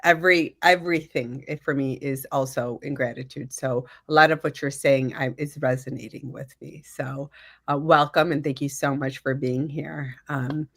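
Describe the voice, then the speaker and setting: A woman with a low-pitched voice hosts a panel discussion over a video call. She talks in an affirming, encouraging way and fills her pauses with frequent "um"s. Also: steady tone. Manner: warm and affirming, many fillers. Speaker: panel host.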